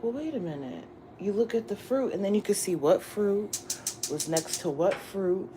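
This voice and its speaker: A woman's voice: medium pitch, lively intonation, normal speed, mellow, slight background noise. A woman tarot reader giving a casual morning pep talk to her viewers, slangy and profane, repeating herself for emphasis. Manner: repetitive and emphatic, often asking "you get what I'm saying?".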